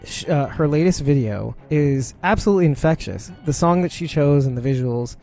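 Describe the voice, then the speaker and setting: A man's voice: fairly high pitch, lively intonation, moderate pace, warm tone, faint music behind. A man from Brooklyn, hosting a podcast in a rambling, casual live-stream chat full of fillers and laughs. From Brooklyn, New York. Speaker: podcast host.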